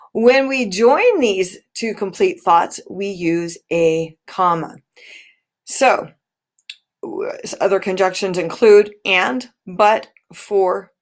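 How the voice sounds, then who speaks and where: Woman teacher, unhurried, careful, pause-heavy delivery for a recorded lesson. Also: mid-range voice. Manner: slow, deliberate, stressing pauses.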